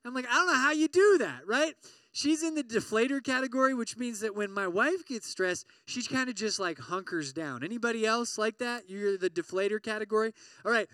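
A man preaching to college students, animated, asking the crowd questions and acting out worried inner voices. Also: sits high, a little fast, clear, resonant tone, no echo, far from the mic. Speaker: pastor.

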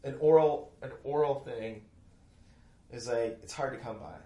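A man talking casually as a podcast guest, an animated storyteller. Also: mid-range voice, unhurried. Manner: animated storyteller, loud put-on family voices. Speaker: podcast guest, comedy writer. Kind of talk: casual chat. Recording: echoey room, faint noise.

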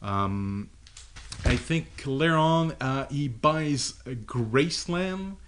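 A man co-hosting a podcast in casual chat, halting, with many fillers and restarts. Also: mid-range voice, animated, a bit bright, a little hiss or hum. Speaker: podcast co-host.

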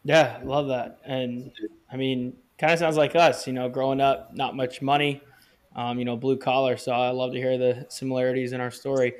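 A man's voice: mid-range voice, level tone, moderate pace. A man co-hosting a podcast, chatting in a friendly, easygoing way with plenty of fillers. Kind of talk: casual interview chat.

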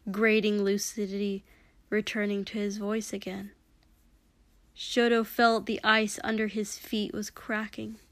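A woman narrating a story aloud in a slow, measured way. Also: on the high side, clean tone, no room sound. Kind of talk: reading fan fiction aloud.

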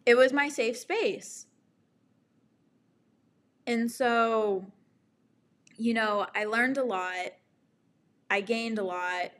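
A woman's voice: medium pitch, a bit bright. A young woman candidly telling a personal story to the camera, reflective and often breaking into nervous laughter.

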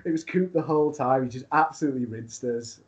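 A man telling an animated story as a wrestler guest on a talk show, laughing as he goes. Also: medium pitch, quick pace. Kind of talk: casual storytelling.

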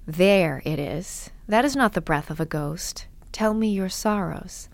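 A woman voicing a great, wise male lion in a storybook reading, speaking low, slow and hushed, sometimes half whispered. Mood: solemn.

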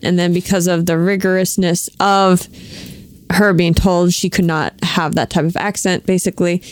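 A woman explains her tabletop game character in a casual podcast chat, with plenty of fillers. Her voice is smooth and clear. The recording is dry and close. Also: fairly low pitch, no room sound.

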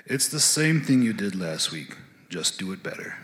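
A pastor voicing God as a dry, unimpressed deep voice in a sermon skit. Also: male voice, moderate pace, a little hiss or hum. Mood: deadpan. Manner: deadpan, low and unimpressed.

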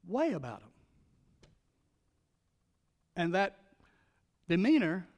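An older man preaching a sermon as pastor, retelling scripture with dramatic emphasis. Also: high-pitched. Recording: long reverb of a large hall.

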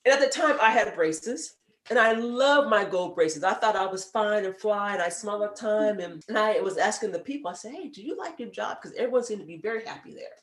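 A woman in her forties, a podcast guest, telling stories in a lively, emphatic way and laughing now and then. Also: mid-range voice, brisk, roomy sound. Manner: animated storyteller, emphatic and laughing. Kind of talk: casual chat.

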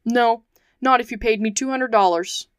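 A woman's voice: fairly high pitch, normal speed, smooth, no echo, clean studio sound, natural voice. A woman reading the part of a blunt middle-aged male sea captain in an audiobook, with short, clipped refusals. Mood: curt.

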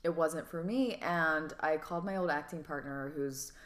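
A woman in her thirties from Atlanta, an actress chatting in an interview with a sassy, animated manner and frequent laughter. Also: low voice, moderate pace. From Atlanta, US South. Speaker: actress guest. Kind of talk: casual interview chat.

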